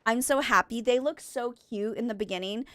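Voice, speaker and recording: A woman's voice: on the high side, pushed and bright, no echo. Chatty young woman streamer, stuffy nose. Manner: chatty, rambling, quick self-corrections. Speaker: game streamer. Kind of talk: casual live-stream chat.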